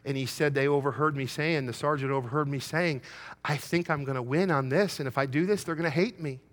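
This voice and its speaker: Middle-aged man, pastor, bright ringing tone, preaches with loud emphatic build-ups, folksy storyteller. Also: fairly high pitch, a little fast. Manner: folksy storytelling, quoting his son. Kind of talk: sermon.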